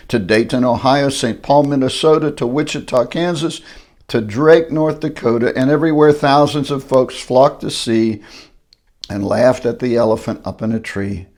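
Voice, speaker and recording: A man's voice: mid-range voice, a little mellow. An older grandfather reading a rhyming picture book aloud in a sing-song manner.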